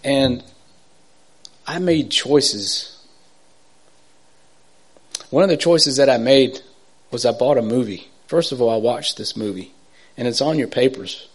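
A middle-aged man giving an emotional personal testimony, halting and repetitive, swinging from urgent to hushed. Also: medium pitch. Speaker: testimony speaker.

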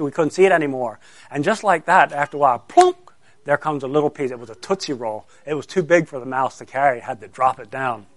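A man's voice: fairly high pitch, fairly bright tone, no room sound. A middle-aged man, a pastor telling a story to children and asking them questions as he goes. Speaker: pastor giving a children's sermon.

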